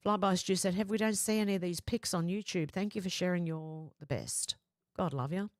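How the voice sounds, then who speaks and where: A woman's voice: lowish voice, a little fast, dry recording, clean studio sound. A woman hosting a livestream in casual chat, reading viewer comments aloud and answering them, often laughing. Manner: reads comments aloud and chats back, often breaking into laughter.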